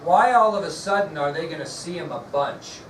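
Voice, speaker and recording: A man's voice: on the high side, normal speed, a bit bright. A man giving a history lecture to his class, blunt and folksy, often putting questions to the students. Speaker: history teacher. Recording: echoey classroom from far off with noise.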